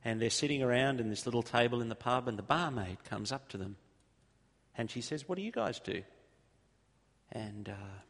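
A middle-aged Australian man preaching a sermon, telling stories and repeating phrases for emphasis, slowing down on key points. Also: medium pitch, a bit bright. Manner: storytelling, emphatic repetition, slows down for key points. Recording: long reverb of a large hall.

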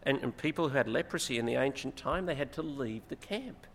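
A man's voice: medium pitch, brisk, gravelly. A man preaching a sermon and explaining scripture, his voice rising when he stresses a point. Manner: expository, rises in emphasis, animated retelling. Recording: long hall reverb, faint noise.

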